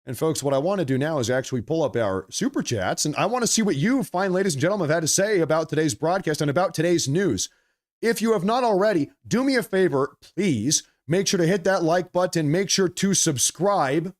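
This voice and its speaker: A man hosting a political livestream, chatting casually with viewers and reading their messages, with a slight cough, animated and prone to repeating himself. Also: a little high, a little fast. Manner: animated, repeats phrases, apologetic asides.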